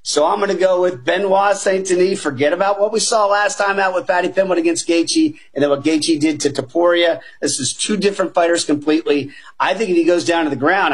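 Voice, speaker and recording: Husky high-voiced man pitching bets. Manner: energetic, emphatic, keeps addressing the panel as guys. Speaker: sports betting analyst. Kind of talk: animated betting talk show chat.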